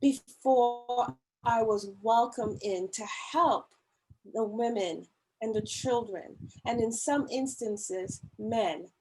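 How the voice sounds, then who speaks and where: A woman gives a church talk on caring for others, speaking slowly and earnestly. Her voice sits a little high and has a husky edge. She presses her points with emphatic pleading. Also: a little mellow, poor audio. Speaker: women's ministry speaker. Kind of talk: church talk on mental health. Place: church service, online meeting.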